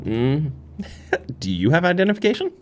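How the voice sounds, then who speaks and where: A streamer playing a suspicious, grumpy cowboy clerk in a video game, with a gruff Western drawl. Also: mid-range voice, very animated, moderate pace, a little mellow, soft background music, natural voice.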